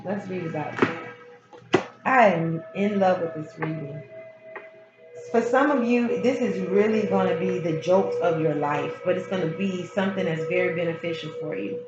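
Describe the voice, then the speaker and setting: A woman giving a casual spiritual tarot reading, speaking frankly and emphatically and often repeating her key phrases. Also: lowish voice. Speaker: tarot reader. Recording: roomy, slightly dull sound with music behind. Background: background music.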